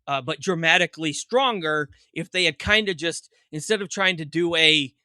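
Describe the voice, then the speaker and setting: Podcast host, male, very bright tone, dry close sound, rambling jokey delivery. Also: on the high side, normal speed, smooth, no room sound. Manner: rambling, self-interrupting, joking. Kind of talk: casual chat.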